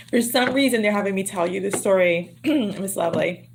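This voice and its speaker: A woman's voice: gravelly, background noise. A woman reading tarot on a livestream, talking in a chatty, laughing, teasing way with a slightly sore throat. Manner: lowers her voice to a hush. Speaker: tarot reader.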